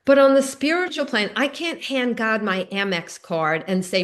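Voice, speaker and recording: A woman's voice: a little high, sing-song, moderate pace. A middle-aged woman giving a recovery meeting talk, telling personal stories in an earnest, conversational way.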